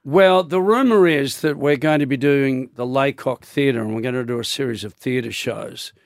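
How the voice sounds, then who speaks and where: A man's voice: medium pitch, moderate pace, gravelly, no echo, clean studio sound. An older man, a guest musician on a radio show, talking in a wry, joking way. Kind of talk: radio interview chat.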